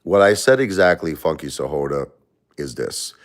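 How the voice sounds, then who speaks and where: A middle-aged livestream host talks at a moderate pace, his very deep voice marked by lively intonation. He's emotional and defensive with his viewers, rambling and often repeating words or beginning again.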